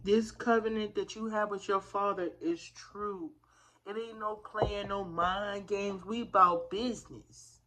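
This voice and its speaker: A woman's voice: medium pitch, steady tone, a little slow, background noise. A woman giving a spiritual tarot reading in a fervent, preacher-like way, calling her listeners y'all. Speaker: tarot reader.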